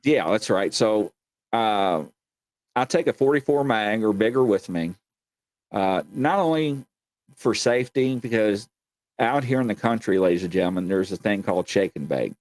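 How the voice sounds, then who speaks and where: Speaking directly to his audience, a man from Kentucky meanders through folksy stories as host of a paranormal talk show. His lowish voice is a little mellow, with lively intonation and a normal pace.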